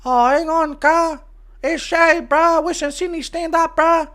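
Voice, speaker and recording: A man doing a high, squeaky impression of a jovial burly fighter with a put-on New Zealand accent, ending lines with "eh?". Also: steady tone, pushed and bright, exaggerated voice. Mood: goofy, mock-dying. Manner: high, squeaky, drawn-out "eh?" tags. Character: jovial burly male heavyweight fighter dying comically.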